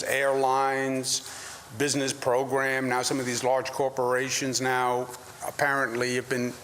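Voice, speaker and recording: A man's voice: medium pitch, fairly bright tone, a little hiss or hum. A man, a state governor, answering reporters at a press briefing, emphatic and repeating his points with rising indignation. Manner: emphatic, repeats phrases, rises when indignant.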